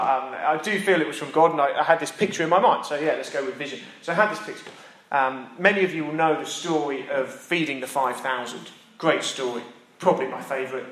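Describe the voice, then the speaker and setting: A man's voice: fairly high pitch, fairly bright tone. A man preaching a sermon in a chatty, self-deprecating way that builds to emphatic repetition, recorded in a church. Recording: roomy echo.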